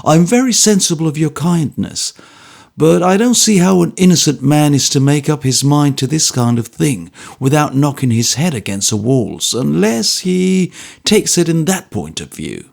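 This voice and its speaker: Bluff ex-soldier, read by a man, polite but immovable, gravelly, lively delivery. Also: on the high side, moderate pace. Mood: firm, polite. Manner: steady, polite, stubborn. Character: bluff good-humoured ex-soldier, man, middle-aged. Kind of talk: audiobook character reading.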